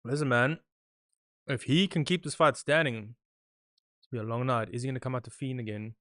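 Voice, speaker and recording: A man's voice: mid-range voice, fairly quick, a bit bright, no room sound, studio quality. A young man hosting a live watch-along podcast, chatting casually and calling out to his viewers for predictions. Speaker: podcast host.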